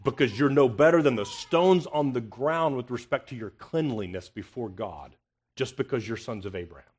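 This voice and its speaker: Husky preacher man, dramatic sermon. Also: medium pitch, animated, brisk. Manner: confrontational, rhetorical questions, swings from loud to hushed. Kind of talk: expository sermon.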